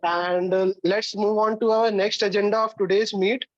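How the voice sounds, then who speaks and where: Flat-voiced man moderating a video call. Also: high voice, normal speed, no echo, dull audio. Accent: Indian English. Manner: formal, many "uh" fillers. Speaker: meeting moderator.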